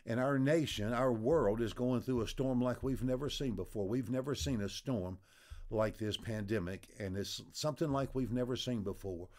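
A man's voice: mid-range voice, darkish tone. A middle-aged man preaching a devotional sermon as pastor, telling stories and acting out voices in them. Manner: storytelling, acts out voices in anecdotes.

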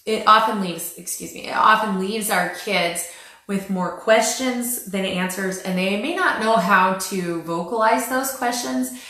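Woman doing casual bible teaching, wry and sarcastic, lots of ums, mid pitch, super echoey room. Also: measured pace, bright, forceful tone. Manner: chatty and wry, retelling scripture with dry sarcasm; frequent "um" fillers and light laughs. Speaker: Christian family Bible teacher.

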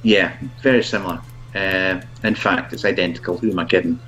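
A man who reviews products, chatting as a guest in a halting, self-mocking way and laughing often. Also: deep voice, fairly even intonation, fairly bright tone, poor audio. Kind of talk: casual video chat.

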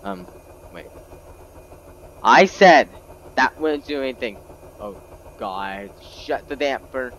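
A man's voice: mid-range voice, unhurried, fairly bright tone, poor audio. A man giving gameplay commentary, self-mocking and exasperated as things go wrong. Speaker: gameplay video creator.

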